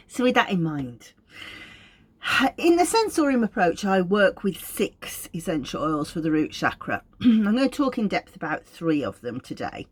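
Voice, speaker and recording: A middle-aged woman with a Wolverhampton accent, an aromatherapist explaining her practice to camera in a gentle, unhurried, thoughtful way. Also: fairly low pitch, very animated, slightly rough. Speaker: clinical aromatherapist.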